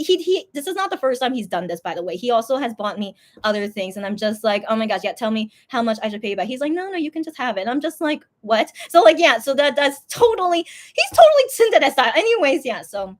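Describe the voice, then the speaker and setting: A young adult woman hosting a casual livestream, telling a story in an animated way, full of fillers and repeated words. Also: on the high side, fast talker. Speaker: livestream host. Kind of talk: casual live-stream chat.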